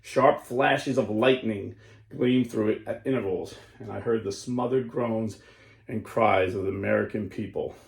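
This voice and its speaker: A man's voice: fairly low pitch, fairly even intonation, creaky. A man hosting a Catholic commentary show, reading a historical account dramatically and then explaining it plainly. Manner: slows and stresses lines when reading aloud, then explains plainly. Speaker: host of a Catholic commentary channel. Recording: roomy echo.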